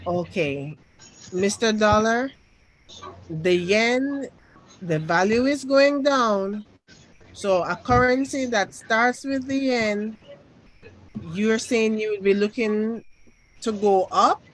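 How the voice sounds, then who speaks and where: Trading coach for a live lesson: slow and deliberate, insists on firm answers, keeps repeating questions. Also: mid-range voice, poor audio. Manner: drilling, repeats questions until answered firmly. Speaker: trading teacher.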